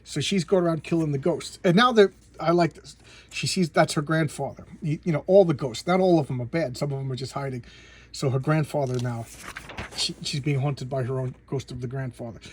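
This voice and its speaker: A man's voice: fairly high pitch, fairly quick, breathy edge. A man casually recapping a comic book plot, rambling with many restarts and repeated words.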